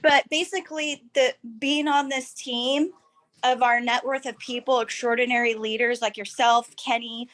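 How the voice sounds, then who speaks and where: A woman's voice: on the high side, steady tone, moderate pace, fairly bright tone. A woman on the team speaking earnestly and emphatically on a video call. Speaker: team member. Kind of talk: sharing on a group call.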